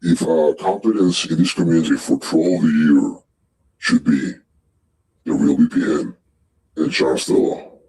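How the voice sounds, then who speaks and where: A man's voice: a bass voice, fairly even intonation, normal speed, pauses often, mellow, distant mic, slight background noise, low-quality recording. A man calling into a live stream, ranting in a profane, rambling and insistent way. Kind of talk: casual rant.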